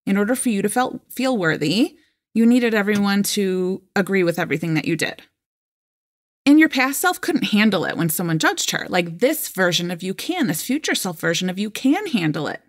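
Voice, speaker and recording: Chatty woman coach, animated quoted voices. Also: mid-range voice, moderate pace. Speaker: life coach and podcast host. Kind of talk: casual solo podcast talk.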